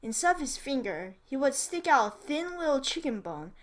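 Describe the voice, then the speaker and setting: A woman teacher reading a children's story aloud slowly and clearly for English learners, with small asides. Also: sits high, sing-song.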